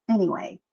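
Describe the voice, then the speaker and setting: A woman's voice: on the high side, fairly bright tone, slightly rough, no echo, muffled recording. A woman hosting a casual livestream, chatting and teasing as she answers viewers by name. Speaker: livestream host. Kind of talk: casual live-stream chat.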